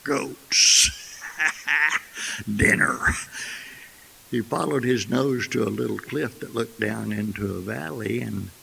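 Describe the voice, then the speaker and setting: Gravelly, folksy male storyteller. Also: lowish voice, normal speed, few pauses. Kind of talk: tandem folktale telling. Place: festival stage. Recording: echoey hall, faint hiss.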